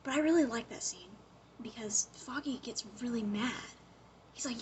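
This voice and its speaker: A young woman talks casually, gossiping through a TV show's plot. Her voice sits a little above the usual woman's pitch. She tells the story with animated energy and fills it with "like" and quick quoted lines. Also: a little hiss or hum. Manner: chatty, animated retelling full of "like" and acted-out quotes. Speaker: show recapper. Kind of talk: casual chat recapping a TV show.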